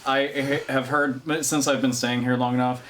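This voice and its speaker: A man in a casual chat, joking with quick interjections. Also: medium pitch, level tone, noisy background.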